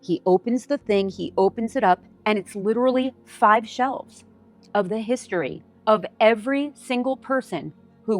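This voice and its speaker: A middle-aged American woman vlogging, telling a personal story in a casual, animated way with lots of "like". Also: mid-range voice. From United States. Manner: animated, acts out her own quoted lines with lots of "like".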